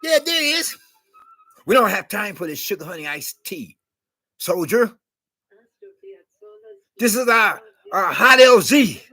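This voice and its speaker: A man acting out a panicked male soldier under fire, yelling frantic orders for a helicopter. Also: high voice, sing-song, measured pace, pauses often, no room sound, faint music behind, heavily acted. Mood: urgent.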